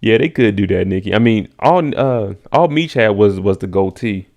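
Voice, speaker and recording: Laid-back low-voiced man recapping. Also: animated, normal speed, darkish tone, highs cut off. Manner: laid-back slang, reads chat names, acts out scenes in high voices. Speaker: streamer recapping a TV episode. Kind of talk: casual live-stream chat.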